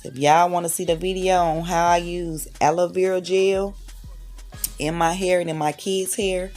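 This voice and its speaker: A woman's voice: low-pitched, creaky, darkish tone. A woman talks through a home hair tutorial. She chats with her viewers and hypes herself up as she braids. Faint music sits under her voice. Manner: chatty and self-encouraging, hyping herself up. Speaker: hair vlogger, mother of six. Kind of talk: casual tutorial vlog.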